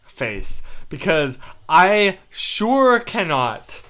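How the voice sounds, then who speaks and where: A man's voice: high voice, very animated, extremely slow, pushed and bright. A young man hosting a livestream, chatting casually with viewers in a rambling, self-deprecating way. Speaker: livestream host.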